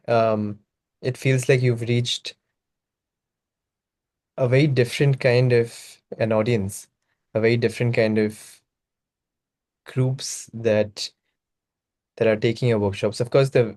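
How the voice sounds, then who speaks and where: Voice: medium pitch, steady tone, a little slow, pauses often, darkish tone. A podcast host asking a long, thoughtful question, searching for the words and restarting phrases. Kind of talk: interview questions.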